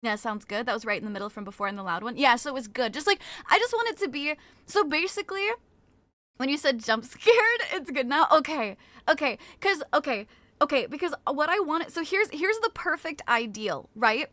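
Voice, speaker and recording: A woman's voice: high-pitched, very animated, a little fast, bright, forceful tone, no room sound. A woman streaming live, chatting casually with her viewers, greeting them by name and often restarting her sentences. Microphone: desktop mic with a limiter.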